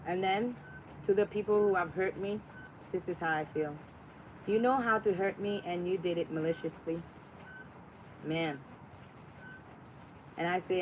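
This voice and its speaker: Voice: mid-range voice, measured pace, pauses often, a little hiss or hum, poor audio. A spiritual vlogger giving an emphatic motivational monologue, repeating lines for effect and throwing in sassy asides.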